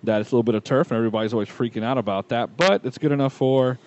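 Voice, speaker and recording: A man co-hosting a casual sports podcast, soft-spoken and laid-back, with some hesitant fillers. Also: medium pitch, racing, highs cut off. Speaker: podcast co-host.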